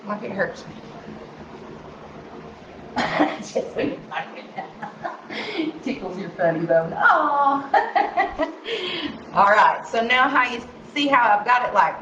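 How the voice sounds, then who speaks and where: A woman's voice: medium pitch, background noise. Sing-songy woman in a roomy room. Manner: chatty, sing-songy, talks to herself while working. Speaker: craft tutorial host. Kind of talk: live craft demonstration. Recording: roomy, slightly dull sound.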